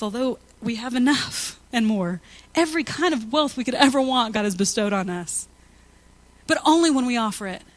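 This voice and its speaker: A woman pastor giving a conversational sermon full of personal stories, laughing often as she talks. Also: on the high side. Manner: chatty, anecdotal, laughs often; animated storytelling with quoted asides.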